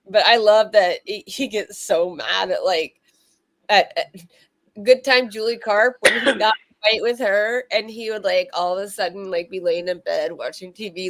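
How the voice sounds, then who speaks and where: A woman's voice: mid-range voice, measured pace, fairly bright tone. A woman from Florida hosting a livestream, chatting in a rambling, casual way. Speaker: livestream host. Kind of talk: casual chat.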